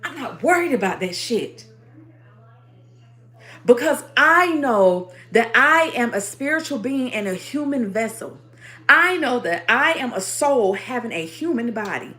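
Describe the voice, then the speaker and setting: A woman's voice: fairly high pitch, animated, a little slow, pushed and bright. A woman hosting a spiritual livestream sermon, speaking in with emphatic, repetitive affirmations and profanity.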